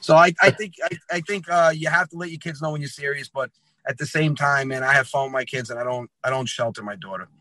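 Bright-voiced comedian in his thirties. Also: medium pitch, fast, no echo, poor audio. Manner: lively, acts out dialogue, says "man" often. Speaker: comedian guest. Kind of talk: animated podcast storytelling.

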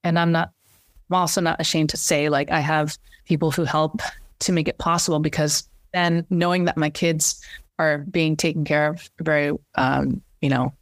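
A woman's voice: low voice, moderate pace, no echo, clean studio sound. Candid woman guest on a podcast. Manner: candid, animated, lots of fillers and restarts. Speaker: interview guest, cinematographer. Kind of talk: casual interview chat.

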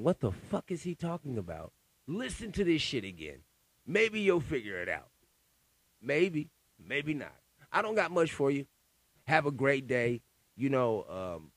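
A man's voice: mid-range voice, vocal fry, dry recording. An older man hosting his own podcast, rambling freely in a profane, self-mocking, philosophizing way. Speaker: podcast host. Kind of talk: rambling casual monologue. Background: guitar music.

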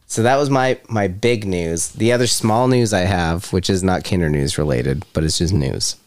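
A man's voice: sits low, moderate pace, no echo. A man co-hosting a casual podcast chat, joking as he brings up each news item. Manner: joking, leads the topics. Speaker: podcast co-host.

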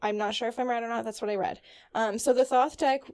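A woman's voice: fairly high pitch, fairly even intonation, quick pace, a little mellow. A young woman co-hosting a casual podcast, reading from her notes with frequent ums and stumbles over hard words. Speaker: podcast co-host.

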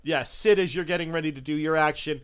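Animated male game master. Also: fairly high pitch, fast, clean tone. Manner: lively, acts out lines in shouts. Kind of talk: narrating a tabletop horror game.

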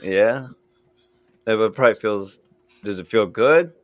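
This man from Indiana and Michigan hosts a podcast chat with a very deep voice. He talks slowly and easily and fills his pauses with ums. Nothing he says sounds rushed. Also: no room sound, lo-fi sound. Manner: slow, easygoing, hesitant with many ums. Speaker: podcast host. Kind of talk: casual chat.

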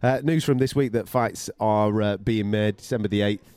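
A man co-hosting a podcast, chatting about boxing in an excitable, teasing way and calling his co-host mate. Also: on the low side, moderate pace, clear, resonant tone, no room sound. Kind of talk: casual boxing chat.

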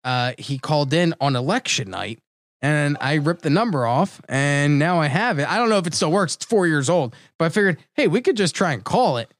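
High-voiced man hosting a casual stream. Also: lively intonation, a little fast, dry recording, clean studio sound. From New Jersey. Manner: joking, loose and rambling. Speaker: podcast host. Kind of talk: casual livestream chat.

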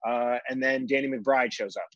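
A man's voice: mid-range voice, steady tone, moderate pace, fairly bright tone, no room sound, muffled recording. A man co-hosting a casual podcast, jumping in animatedly to fill in plot details. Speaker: podcast co-host. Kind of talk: casual chat, plot recap.

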